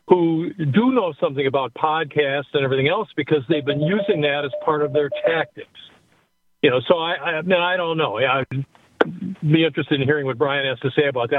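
A man's voice: on the high side, no echo. A man calling a radio show from his car, rambling and thinking aloud. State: driving while calling. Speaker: caller. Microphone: phone from a car. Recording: tinny phone line.

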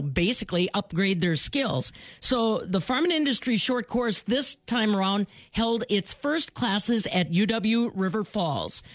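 A woman radio host reading farm news in a brisk, conversational way. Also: medium pitch, no echo, studio quality.

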